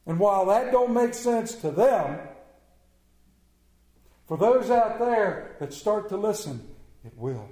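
A man's voice: high-pitched, very animated, slow pace, pauses often, warm tone. A man preaching a sermon in a church, emphatic and plain-spoken, with rhetorical questions, repeated phrases and folksy asides. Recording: echoey room.

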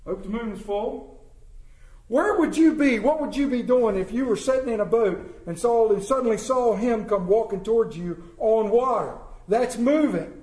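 A middle-aged man preaches a sermon in a folksy, plainspoken way, firing questions at the congregation. His voice sits high for a man yet sounds dark and mellow. The room echoes around him. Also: normal speed.

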